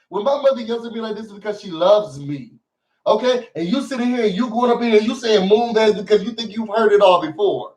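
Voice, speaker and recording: A man's voice: high voice, moderate pace, distant mic, low-quality recording. A man hosting a casual recap vlog, talking to his viewers in a sassy, theatrical way. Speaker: show recap host.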